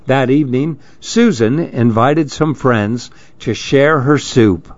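Slow, gentle man reading stories. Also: medium pitch, dry recording, highs cut off. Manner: gentle, measured storytelling. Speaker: story-reading host. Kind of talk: children's story reading.

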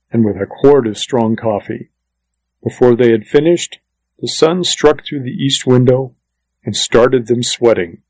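A male narrator reads a story aloud in a steady, even way. His voice sits at an ordinary pitch. The recording is dry and close, with no room sound. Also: breathy edge, dry recording, rough recording. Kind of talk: scripted audiobook narration.

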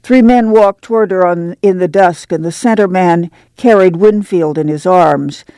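A woman reading a novel aloud on a radio book program in a measured storytelling way. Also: on the low side, dark tone, no echo. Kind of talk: scripted narration.

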